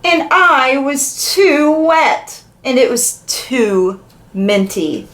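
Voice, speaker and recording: A woman reads a picture book to small children in a high-pitched, very slow voice. She stays animated, pausing the story to ask the young listeners questions.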